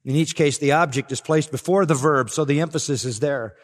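Older male pastor, expository sermon, slightly high-pitched, hall reverb. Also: brisk. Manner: expository preaching, swells with emphasis. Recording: long reverb of a large hall.

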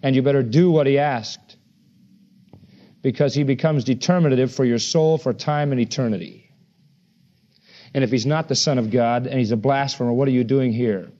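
A man preaching a sermon, emphatic and animated, acting out the quoted voices in his argument. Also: normal speed, long pauses. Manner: emphatic, acts out quoted voices with rising pitch. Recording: dull lo-fi sermon recording.

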